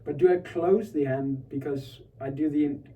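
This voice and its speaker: A man's voice: a little high, fairly even intonation, moderate pace, recorded from a distance, highs cut off. A man studying conducting, answering tentatively and singing rhythms back in syllables. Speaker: conducting student.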